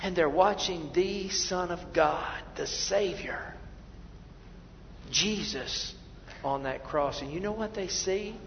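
High-voiced preacher in a reverberant hall. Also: male voice, slow pace, vocal fry, slight background noise. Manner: preaching with swings from hushed to loud. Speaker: pastor. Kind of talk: sermon. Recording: dull sound in a reverberant hall.

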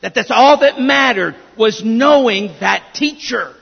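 Male pastor, high gravelly voice, slow emphatic preaching, dull echoing church recording. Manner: emphatic preaching with repeated restarts. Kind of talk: sermon.

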